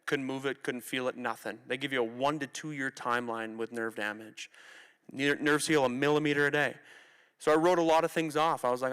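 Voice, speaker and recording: A man's voice: mid-range voice, fairly even intonation, fairly quick, a bit bright, clear, resonant tone. A Canadian man in his twenties giving a candid personal story talk to students from a theatre stage, speaking conversationally and acting out quotes. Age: 20s. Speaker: motivational speaker. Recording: reverberant hall recording.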